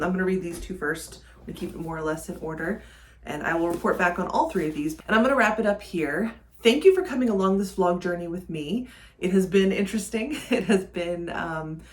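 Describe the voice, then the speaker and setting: A woman chatting casually in a book vlog, thinking aloud with frequent ums. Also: lowish voice. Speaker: book vlogger. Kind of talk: casual reading vlog chat.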